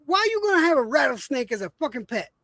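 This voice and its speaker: A high-voiced man from New Mexico argues loudly and swears freely in a casual chat he hosts. His delivery is animated and quick to push back. The recording is dry and close. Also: no echo. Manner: profane, animated, argumentative. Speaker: host.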